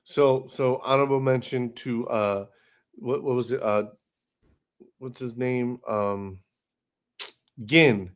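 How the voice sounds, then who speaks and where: A man's voice: mid-range voice, fairly even intonation, slow, clean tone. A man co-hosting a podcast in casual chat, swearing freely and rambling with lots of restarts. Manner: profane, rambling with many restarts. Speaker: podcast co-host.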